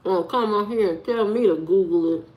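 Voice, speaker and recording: A woman's voice: medium pitch, moderate pace, muffled recording. A woman hosting a live stream in casual chat, answering her viewers with blunt rhetorical questions. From United States. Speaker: livestream host.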